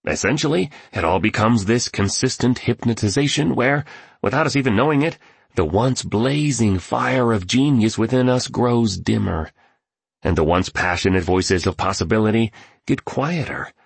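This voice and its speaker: A man's voice: fairly low pitch, animated, normal speed, creaky, husky, no room sound, pitched above the performer's own voice, exaggerated voice. A man voicing an earnest female entrepreneur who makes her points in an emphatic way.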